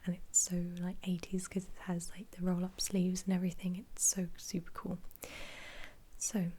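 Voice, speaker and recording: A woman's voice: lowish voice, completely flat delivery, moderate pace, warm tone, breathy edge. Young woman whispering about films in ASMR. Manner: whispering, casual, giggly, with frequent ums. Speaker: ASMR creator. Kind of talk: whispered ASMR film chat.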